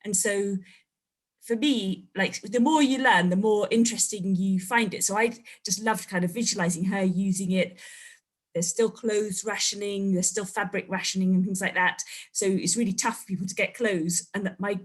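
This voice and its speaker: A woman's voice: medium pitch, fairly even intonation, normal speed. A woman guest on a podcast, a family historian and magazine editor, talking in a chatty way and laughing easily. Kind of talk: casual interview chat.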